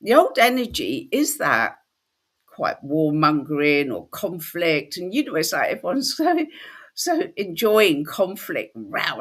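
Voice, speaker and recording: Woman host, husky voice, very lively pitch, chatty storyteller. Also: a little slow. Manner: animated storytelling, slips into quoted voices. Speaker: spiritual workshop host. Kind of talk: casual chat.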